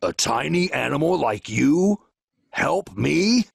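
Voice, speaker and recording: A man's voice: fairly high pitch, big pitch swings, slow, gravelly, husky, no room sound, clean studio sound, exaggerated voice. A man voicing a proud, regal, boastful male lion in a recorded storybook reading. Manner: roaring, boastful.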